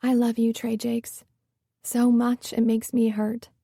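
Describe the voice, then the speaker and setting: A woman voicing a heartfelt young woman in love, earnest and expressive. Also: on the high side, slow, vocal fry, no room sound, studio quality, full character voice.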